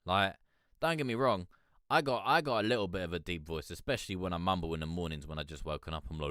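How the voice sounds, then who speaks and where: A young man hosting a live music review stream, chatting in a rambling, excitable way. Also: low-pitched, fast, no echo, studio quality. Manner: rambling, excitable, peppered with "mate". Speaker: music review show host. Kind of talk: casual live-stream commentary.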